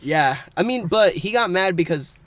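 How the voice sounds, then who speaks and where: A man's voice: sits high, expressive, normal speed, fairly bright tone. A young man co-hosting a casual podcast, rambling through a story and laughing often. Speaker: podcast co-host.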